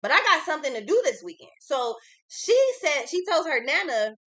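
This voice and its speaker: A woman's voice: high-pitched, very animated, moderate pace, sharp tone. A young adult woman giving a casual tarot reading, blunt, outspoken and freely cursing. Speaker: tarot reader.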